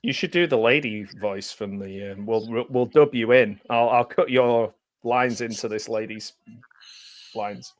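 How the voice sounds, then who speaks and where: Host, giggly and rambling, plain mid-pitched voice, dry close mic. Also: male voice, unhurried, dry recording. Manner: giggly, rambling, frequent laughs. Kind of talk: casual live commentary.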